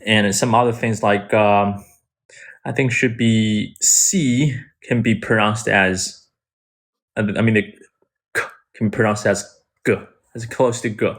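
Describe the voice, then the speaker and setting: A man's voice: lowish voice, fairly even intonation, slow pace, fairly bright tone. A man whose first language is Chinese, patiently explaining English phrases with frequent restarts. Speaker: English conversation partner. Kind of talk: casual explaining.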